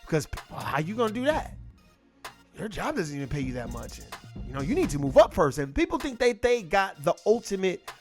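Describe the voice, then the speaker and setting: A middle-aged man talking casually to camera in a blunt, profane, animated way. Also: high-pitched, a little fast, faint music behind.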